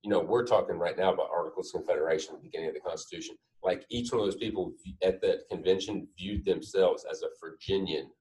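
A man's voice: low voice, fast, hardly any pauses, darkish tone, far from the mic, low-quality recording. A man co-hosting a podcast, explaining his thoughts casually with fillers. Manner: explanatory, thinks aloud with fillers. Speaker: podcast co-host. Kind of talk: casual chat.

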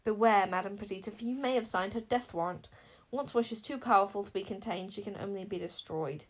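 A woman's voice: mid-range voice, fairly quick, close to an everyday voice. A woman reading an audiobook, voicing a grim, stern older male wizard who speaks in warnings. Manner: grave, warning. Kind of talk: audiobook character voice.

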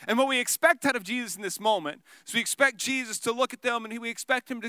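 Pastor preaching, very high clear voice, animated storyteller, dry close sound. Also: male voice, fast talker, hardly any pauses, no room sound. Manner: animated storytelling, drops to a hush for drama. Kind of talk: sermon.

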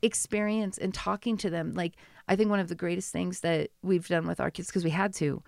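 A woman's voice: on the low side, a little fast, creaky, no room sound. Woman, 30s, chatty guest storyteller, dry close mic. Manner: chatty, animated storytelling with many asides. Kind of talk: casual conversation.

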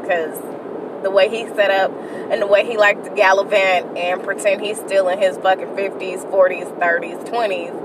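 A woman's voice: medium pitch, steady tone, moderate pace. Profane Bay woman venting from her car. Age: early 30s. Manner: candid, profane, rambling with sudden outbursts. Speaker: podcast host. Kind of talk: casual solo podcast venting. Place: inside a car on the freeway. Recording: distant mic with car road noise.

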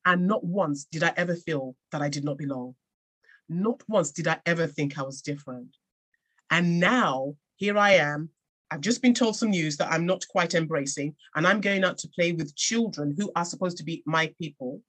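This podcast guest, an English author, speaks at normal speed in a low-sitting, fairly bright voice. Reflective and earnest, she tells her personal story with many restarts.

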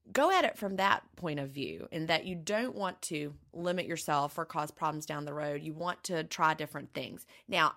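Bright, earnest middle-aged woman podcaster. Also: low-pitched. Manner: earnest, reassuring, personal. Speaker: podcast co-host. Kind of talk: casual podcast chat.

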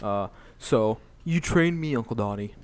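A man joining comedy podcast banter with a stiff, mock-formal delivery, like a news anchor reading the desk copy. He has a cold, and his voice sits at a plain middle pitch for a man. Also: lively intonation, unhurried, a little hiss or hum. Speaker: podcast guest.

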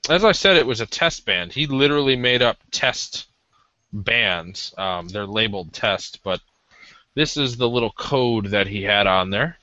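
Male podcast co-host, lower-pitched and bright, hesitant casual review, lo-fi sound. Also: animated, unhurried, no echo. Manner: rambling, hesitant with many ums. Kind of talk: casual cigar review chat. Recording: dull lo-fi audio.

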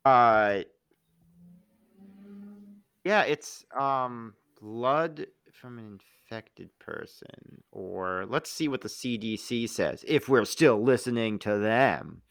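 Rambling jokey man with lively pitch. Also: slow pace, smooth, dry recording. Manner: rambling, jokey, slips into silly impressions. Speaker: podcast co-host. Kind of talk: casual chat about a TV show.

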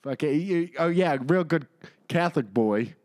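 A man with a slightly high voice, ranting on a podcast. He sounds indignant and swears freely as he tells the story to his co-host in a home studio. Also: expressive, moderate pace, a little mellow. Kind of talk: casual podcast chat.

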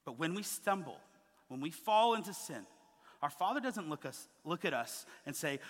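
A man in his thirties preaching a sermon as a pastor, telling stories with lively acted-out quotes. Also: on the high side, normal speed, big-room sound. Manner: animated storytelling, acting out quoted voices. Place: church sanctuary.

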